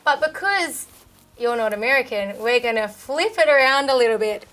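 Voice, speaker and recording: A woman's voice: fairly high pitch, expressive, moderate pace, fairly bright tone. A woman with an Australian accent, hosting a playful, teasing interview with quiz-show energy. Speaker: host.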